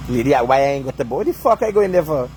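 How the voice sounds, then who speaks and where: A man's voice: medium pitch, animated, rapid-fire, darkish tone, a little hiss or hum. A man delivering a heated, profane rant, swearing constantly and asking "you understand?" over and over. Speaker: vlogger.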